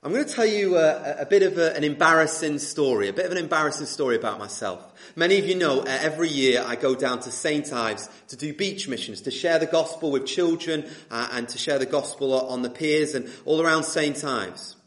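A man's voice: fairly high pitch, brisk, few pauses, fairly bright tone. A man in his twenties preaching a sermon to a congregation, asking rhetorical questions and repeating phrases for emphasis. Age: 20s. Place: church hall with congregation.

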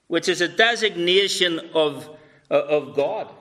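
A man preaching in church, taking his time over each phrase. His voice sits slightly high with a bright, forward edge. He tells the story plainly and talks to the congregation like they're friends. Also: a little slow. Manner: storytelling preacher, conversational asides. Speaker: pastor. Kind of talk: sermon.

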